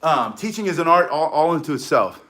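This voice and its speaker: Brief: slightly hoarse man, self-defense instructor, excitable rambling delivery, voice sits a bit high. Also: fairly quick. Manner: excitable, rambling, talks to a live audience. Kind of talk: live instructional demonstration.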